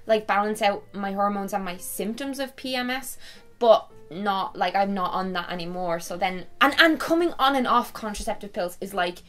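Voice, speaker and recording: A woman's voice: medium pitch, normal speed, faint music behind. Chatty Irish woman in her twenties. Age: 20s. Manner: chatty, animated, lots of "like". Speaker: YouTuber host. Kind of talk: casual chat.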